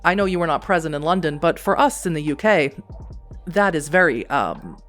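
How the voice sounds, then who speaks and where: A man's voice: on the high side, animated, normal speed, a bit bright. Man playing old vampire prince, overbearing, teasing, theatrical, music faintly behind. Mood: scolding. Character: grandiose old male vampire prince, mocking.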